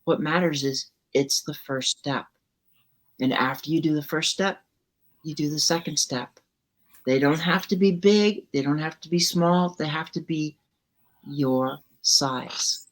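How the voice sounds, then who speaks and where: A woman hosting her live talk show, speaking in a reflective, encouraging and measured way. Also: low-pitched. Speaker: show host. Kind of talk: casual live show chat.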